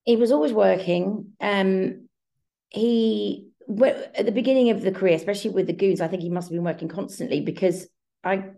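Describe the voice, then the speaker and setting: A middle-aged woman from England, a guest who talks warmly and reflectively in an interview, hesitating with ums and restarts. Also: mid-range voice, steady tone, moderate pace, gravelly.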